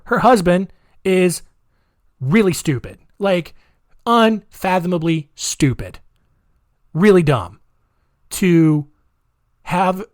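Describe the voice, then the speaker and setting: A man's voice: high-pitched, dry recording. A man hosting a podcast in a casual monologue, rambling, offhand and sarcastic, on a close mic. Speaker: podcast host.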